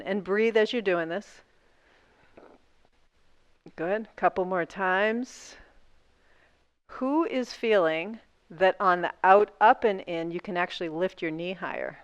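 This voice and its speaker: A woman's voice: mid-range voice, slow, pauses often, smooth, dry recording, highs cut off. A woman instructor guiding a seated yoga class, talking through each movement step by step in an encouraging way.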